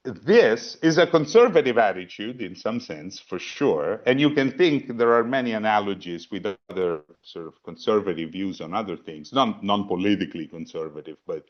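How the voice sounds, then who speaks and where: Low-voiced man on a muffled call. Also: lively intonation, normal speed, few pauses. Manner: thinking aloud, repeats words, many asides. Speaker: panel presenter. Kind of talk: philosophy talk in a virtual program. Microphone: video call. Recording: dull lo-fi video call audio.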